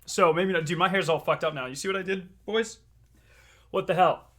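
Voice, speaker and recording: A young man streaming live, reacting in an excitable, profane way with frequent laughs. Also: high voice, brisk.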